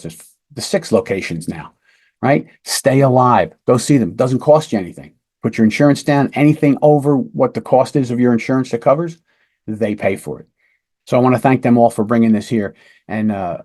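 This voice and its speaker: With a mid-range, darkish voice, a man who is a police lieutenant and podcast host tells an instructive case story about interviewing technique. He keeps it conversational and emphatic, repeatedly asking "right?"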